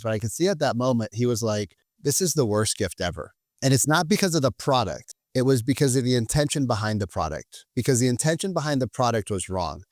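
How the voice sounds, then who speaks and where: Animated storytelling man, dry sound. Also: mid-range voice, no room sound. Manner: animated, acts out quoted people. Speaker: podcast guest. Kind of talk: casual storytelling.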